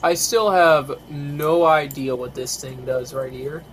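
A man's voice: a little high, fairly even intonation, slow, soft background music, poor audio. A tired man hosting a podcast in casual chat, grumbling and swearing often. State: tired, yawning. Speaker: podcast host.

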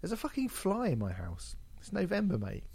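A man hosting a podcast, telling stories in an animated, swearing, laughing way. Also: sits high, brisk, breathy edge. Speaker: podcast host. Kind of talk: casual chat.

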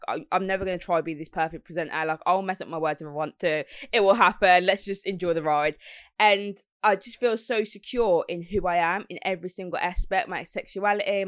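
Brummie woman in her twenties with a lisp, lively radio presenter, dry close mic. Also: mid-range voice, no echo. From Birmingham, England. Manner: animated, quick, many "like"s. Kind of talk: casual chat.

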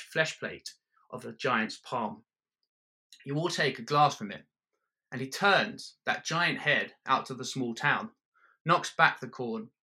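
A man telling a comic story in the second person, with deadpan, wry narration. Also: medium pitch.

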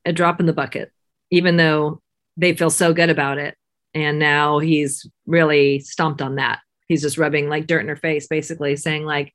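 A podcast co-host chats casually about a TV episode in a low, level voice that's a bit bright and moves at normal speed. She's easygoing and uses lots of fillers like "you know" and "like."

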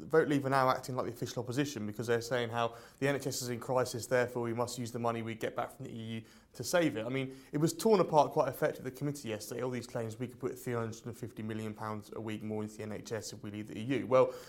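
A man's voice: mid-range voice, steady tone. A man hosting a political discussion, putting questions to his guests. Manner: brisk, quizzing guests. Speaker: host.

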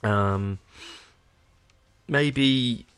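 A man's voice: mid-range voice, drawn-out words, a bit bright, clean tone. A tired Australian man chatting casually to his viewers as host, rambling with many hesitations and fillers. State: tired, yawning. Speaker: podcast host.

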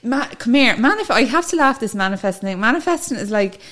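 A woman's voice: fairly high pitch, animated, quick pace, fairly bright tone. A woman with an Irish accent, a funeral director chatting as a podcast guest, telling her story in a loose, talkative way and laughing easily. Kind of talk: casual chat.

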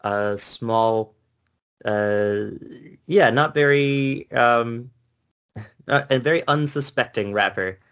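A man's voice: medium pitch, slow pace, pauses often, a bit bright, clean tone. A man co-hosting a podcast in casual chat, rambling enthusiastically and laughing often. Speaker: podcast co-host.

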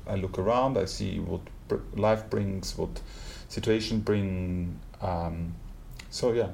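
Guest: German-accented man, very low gravelly voice, measured and reflective, light background hiss. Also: darkish tone. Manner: thoughtful, searching for words with small restarts. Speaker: classical singer, guest. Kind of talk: reflective interview conversation. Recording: faint background noise.

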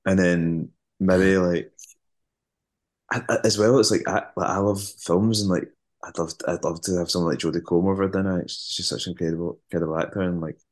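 A man with a very deep, low voice talks as a guest on a podcast. He speaks casually and haltingly, restarting words and filling gaps with "like" and "um". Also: fairly even intonation. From West African heritage. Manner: hesitant, repeats words, many fillers. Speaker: band musician, guest. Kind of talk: casual interview chat.

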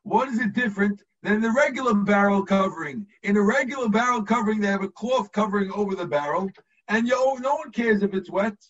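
A rabbi teaches his class over a video call, walking through the text step by step and checking that everyone follows. His voice sits high and husky. The sound is distant and muffled. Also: fairly quick. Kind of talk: explaining a text to students.

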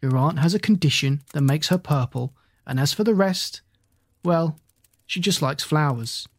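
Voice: mid-range voice, moderate pace, no echo, close to an everyday voice. A reader voicing a stern, practical father in a storybook, dismissive and matter-of-fact.

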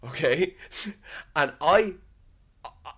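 A man's voice: fairly high pitch, lively intonation, very slow, sharp tone, slightly rough. A young Irishman from co-hosting a podcast, chatting casually, laughing often and swearing freely. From Ireland. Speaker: podcast co-host. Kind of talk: casual chat.

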